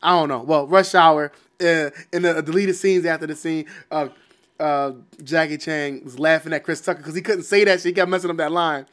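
Rambling New man, slightly high. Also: steady tone, a bit bright. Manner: rambling, swearing, quick laughs. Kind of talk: casual podcast chat. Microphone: studio mic without cover.

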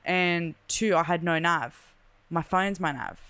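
A woman's voice: lowish voice, takes it slowly, clean tone, dry recording. Chatty young woman storyteller. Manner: animated, chatty, lots of "like", acts out quoted voices. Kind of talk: casual storytelling chat.

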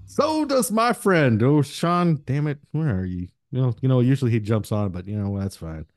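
A man hosting a podcast in casual chat, rambling through profane shout-outs. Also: medium pitch, sing-song, normal speed, dry recording, clean studio sound, faint music behind. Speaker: podcast host.

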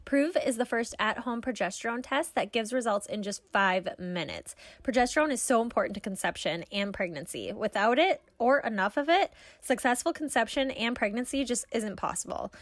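A woman hosts a podcast and reads a sponsor message with bright enthusiasm. Her voice sits a little high and sounds close and dry, with no room echo. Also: expressive, moderate pace, hardly any pauses. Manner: upbeat, enthusiastic. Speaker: podcast host. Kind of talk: sponsor read.

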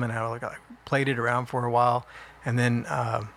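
A man, a guest singer-songwriter chatting casually in a laid-back, rambling way that trails off softly. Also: medium pitch, flat delivery, brisk, creaky. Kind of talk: casual chat.

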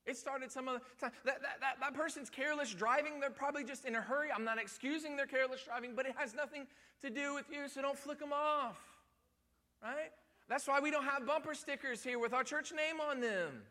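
A man's voice: very high voice, a little fast, bright, forceful tone, in a large hall. A man, a pastor preaching a sermon in a conversational, folksy way that repeats its points. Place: church sanctuary.

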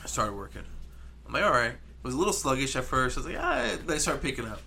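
A man in his own casual voice telling a rambling story to a friend, swearing freely and acting out the sounds of a machine. Middle pitch, with a faint hiss of noise under the recording. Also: fast talker, creaky. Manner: animated, swearing, imitates engine noises. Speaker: podcast co-host.

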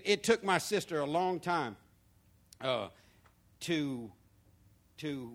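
A male pastor preaching a sermon, moving between quiet asides and loud, emphatic points. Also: fairly high pitch. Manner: lively preaching with swings from soft to loud.

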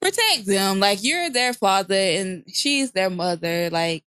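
A woman co-hosting a casual podcast chat, blunt and profane and quick to laugh. Her voice sits at an ordinary middle pitch. The sound is dry and close, with no room around it. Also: expressive, a bit bright, clean tone, no echo. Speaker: podcast co-host.

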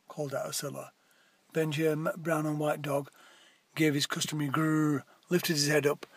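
A man reading a storybook tale aloud, giving the characters lively voices as he goes. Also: a little high, normal speed, slightly rough, dry recording. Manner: reads dialogue with lively put-on voices. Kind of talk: storybook narration.

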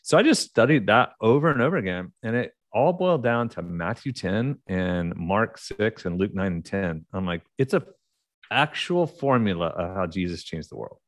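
A middle-aged man with an Oklahoma accent speaks as a podcast guest, his voice sitting on the low side. He rambles through his stories, restarting sentences and leaning on fillers. The sound is dry and close to the mic. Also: lively intonation, moderate pace, no room sound. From United States. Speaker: podcast guest, leadership author. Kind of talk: casual interview storytelling.

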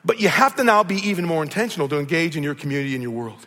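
A middle-aged Midwestern man with a notably high voice preaches in a church. His delivery is earnest and storytelling, and he often repeats a word as he starts a thought. His voice rings out with the long reverb of a large hall. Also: very animated, rapid-fire, bright, forceful tone. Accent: Midwestern American. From American Midwest. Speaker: pastor. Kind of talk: sermon.

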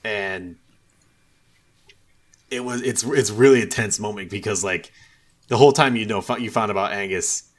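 A man's voice: on the low side, normal speed, long pauses. A man in casual chat, retelling a video game's story in a rambling way, full of fillers and quoted lines. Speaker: podcast co-host discussing a video game.

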